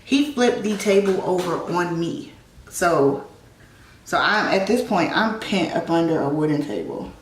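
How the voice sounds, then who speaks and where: A woman's voice: on the low side, animated, measured pace. A woman vlogger at home telling a personal story in a conversational way while getting ready, acting out the dialogue as she goes. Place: at home, in a room. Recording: echoey room, distant mic, background noise.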